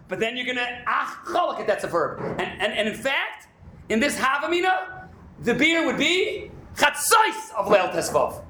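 A man teaching a Talmud class, talking in an animated way and often breaking into shouts. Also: very high-pitched, moderate pace, a little hiss or hum. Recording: echoey room.

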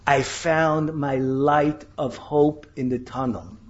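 Slow, impassioned man preaching, lo-fi. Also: fairly high pitch, fairly even intonation. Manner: impassioned, dramatic rises into questions, with Hebrew and Yiddish terms. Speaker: rabbi giving a Torah talk. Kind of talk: sermon.

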